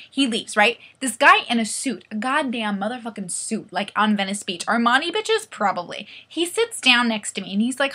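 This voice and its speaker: A woman in her twenties telling a comic story to camera in a lively, profane way, acting out the people she quotes. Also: on the high side, fairly quick, few pauses, slightly rough. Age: 20s. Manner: animated, profane, acts out quoted voices. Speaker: vlogger. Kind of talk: comedic storytelling vlog.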